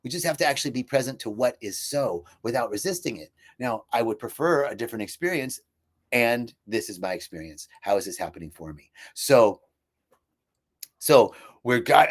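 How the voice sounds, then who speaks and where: A man's voice: medium pitch, lively intonation, fairly quick. A man hosting a live stream, telling a personal story in an earnest, reflective way and often correcting himself as he goes.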